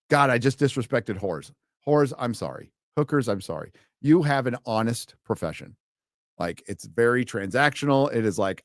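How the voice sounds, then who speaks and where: Guy ranting on his live stream, sweary and sarcastic, dry sound with no room echo, mid-pitched voice. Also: animated, normal speed. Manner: profane, sarcastic, combative.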